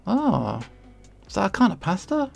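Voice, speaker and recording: Gravelly London-accented streamer chatting. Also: medium pitch, wildly swooping pitch, moderate pace, soft background music. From England. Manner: chatty, rambling, self-deprecating, laughs often. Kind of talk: casual chat while drawing. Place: home streaming setup.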